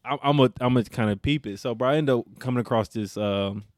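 A man's voice: mid-range voice, quick pace, no echo, studio quality. Young man telling a story with slang. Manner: animated, profane storytelling with slang. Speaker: podcast co-host. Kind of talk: casual chat.

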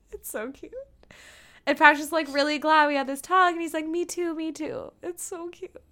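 A woman co-hosting a casual chat, animatedly retelling a TV episode and quoting the characters in quick put-on voices. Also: sits high, fairly even intonation, sharp tone. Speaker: podcast co-host recapping a TV episode.

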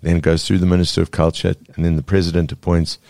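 A South African man, a cartoonist guest in a casual interview, speaking earnestly and pausing to search for words. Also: sits low, flat delivery, vocal fry, dark tone, dry recording, studio quality.

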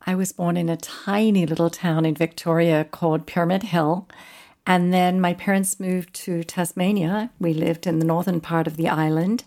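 An Australian woman hosting a podcast, gracious and even in her interviews and sign-off. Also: fairly low pitch, moderate pace. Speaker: podcast host. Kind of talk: interview and scripted outro.

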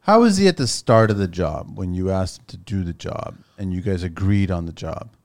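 Man, podcast host, very low voice; casual chat, sympathetic and prompting. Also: lively intonation, moderate pace, a little mellow, no echo.

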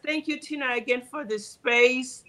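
A woman guest in a casual talk, speaking gently and consolingly. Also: high-pitched, moderate pace, rough recording. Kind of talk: casual chat.

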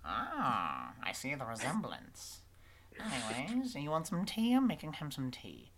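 A woman voicing a hunched old witch who is sweetly cheerful and gushes in a high singsong voice. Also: huge pitch swings, unhurried, a bit bright, breathy edge, exaggerated voice.

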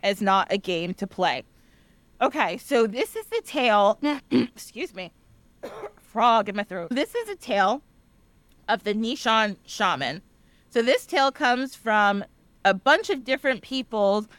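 A young woman hosting a podcast, casually retelling an old tale in a chatty, animated way with lots of "like" fillers. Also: mid-range voice, a little slow, long pauses, dry recording. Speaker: podcast host. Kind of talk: casual storytelling.

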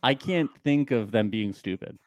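A man's voice: mid-range voice, expressive, moderate pace, no echo. A man co-hosting a podcast, chatting casually and playfully about a reality show episode, laughing often. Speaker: podcast co-host.

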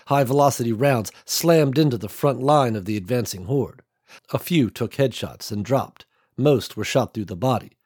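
A man narrating an action audiobook in a measured, dramatic way. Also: mid-range voice, a little mellow, slightly rough, no echo, clean studio sound.

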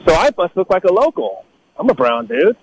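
A middle-aged man from Northern California in a casual storytelling talk, animated, acting out the people he quotes in a higher voice. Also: a little fast, slight background noise, rough recording. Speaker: guest telling life stories.

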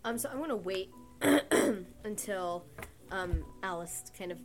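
A woman's voice: medium pitch, animated, slow pace. A woman playing in a tabletop game, casual and hesitant, with frequent fillers. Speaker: player. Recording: background music.

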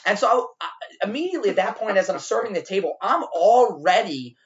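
A man on a podcast telling a rowdy restaurant story, animated and profane, acting out the shouting. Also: high voice, brisk, dull audio. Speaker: podcast co-host. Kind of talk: casual storytelling over drinks.

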